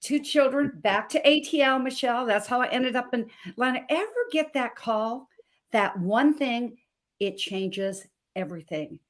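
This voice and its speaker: Speaking at a moderate pace with lively intonation and a fairly high pitch, a thirty-something woman from Montana tells her emotional story on a talk show. A health coach by trade, she's passionate and emphatic, returning to the same phrases again and again.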